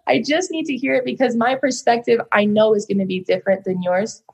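A woman's voice: fairly high pitch, steady tone, a little fast, hardly any pauses. Young woman guest with a slightly raised voice, candidly recounting a personal story in a loose, rambling way. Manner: earnest, rambling, heavy use of "like" and "so". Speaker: podcast guest.

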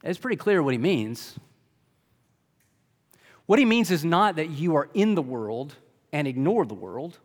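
A man's voice: fairly high pitch, sing-song, measured pace, pauses often. A man preaching a sermon in a conversational style, full of rhetorical questions. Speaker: pastor. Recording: long reverb of a large hall.

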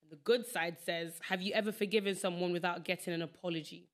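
Woman, London accent, podcast host, casual chat, rapid delivery. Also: lowish voice, fairly even intonation. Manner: chatty, laughs easily, rambling.

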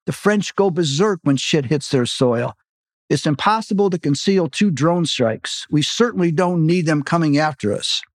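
A man reads his own novel aloud in a fairly high voice, close to the mic and dry. His delivery is animated and leaps up in pitch on the exclamations. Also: moderate pace, no room sound. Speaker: author reading his novel. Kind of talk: audiobook reading.

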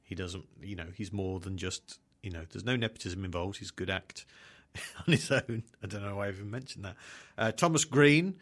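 Rambling deep-voiced radio host. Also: male voice, normal speed, a bit bright. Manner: rambling, self-deprecating asides. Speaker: radio comedy show host. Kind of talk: casual radio chat.

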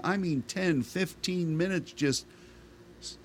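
A man's voice: sits high, takes it slowly, slight background noise. A middle-aged male pastor preaching a sermon in a conversational style, asking rhetorical questions of the congregation.

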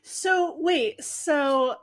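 A woman's voice: high-pitched, drawn-out words. A woman co-hosting a podcast, chatty and playful in her questions. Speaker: podcast co-host. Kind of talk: casual interview.

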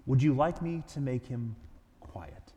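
A man voicing a calm, solemn angel who speaks slowly and deliberately, heard in a large hall with long reverb. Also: mid-range voice. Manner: slow and measured.

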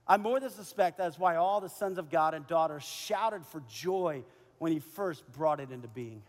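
A man preaching a sermon as pastor in a church, talking in a lively, conversational way and acting out little dialogues. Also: high voice, big-room sound. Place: church auditorium.

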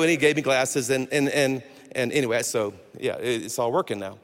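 A man in his sixties preaching a sermon in a church, telling funny stories with lively energy. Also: medium pitch, normal speed. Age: 60s. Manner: animated storytelling with humor. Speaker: guest pastor. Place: church sanctuary. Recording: long hall reverb.

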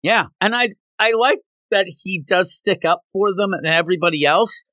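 A man hosting a podcast, recapping a manga chapter in animated casual chat with lots of fillers. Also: high-pitched, moderate pace, dry recording. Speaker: podcast host.

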